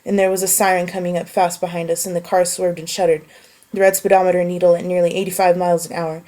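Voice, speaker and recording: A woman with a slightly low voice talks in an offhand, wry way. She makes a casual voice post and answers a list of questions. When she reads prose aloud, she slows down and keeps it even. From United States. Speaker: vlogger answering a question meme.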